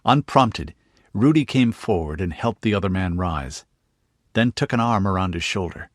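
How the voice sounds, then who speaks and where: A man narrating a fantasy audiobook in a steady, scripted reading with a husky voice. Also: low-pitched, moderate pace, dry recording, studio quality.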